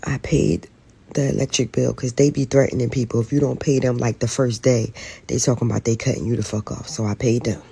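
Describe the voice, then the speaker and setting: A woman's voice: rumbling low, little pitch movement, brisk, vocal fry, warm tone, slightly rough. A woman venting to camera in a weary, profane way about being tired of adult life.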